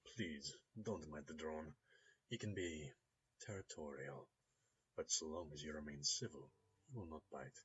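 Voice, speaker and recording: A man voicing a cultured, polite Russian rigger, speaking softly, courteously and in a measured way. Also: rumbling low, breathy edge, exaggerated voice. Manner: soft-spoken, measured and courteous. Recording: slightly dull lo-fi recording.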